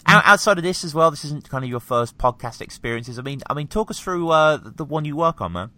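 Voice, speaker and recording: A man's voice: fairly high pitch, lively intonation, brisk, sharp tone, no room sound. A man with a British accent hosting a podcast, interviewing a guest in a friendly, casual way with many fillers. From Britain. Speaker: podcast host.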